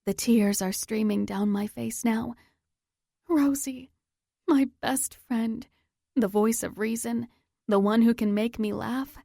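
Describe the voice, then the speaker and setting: A woman's voice: on the high side, steady tone, slow pace, vocal fry, mellow, no room sound, clean studio sound. A woman narrating a first-person romance audiobook in a tense, dramatic manner.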